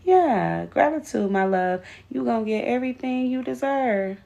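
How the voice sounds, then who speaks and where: A woman's voice: fairly high pitch, lively intonation, normal speed, creaky, warm tone, dull audio. A woman giving a live tarot reading, blunt and profane, greeting viewers by name. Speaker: tarot reader.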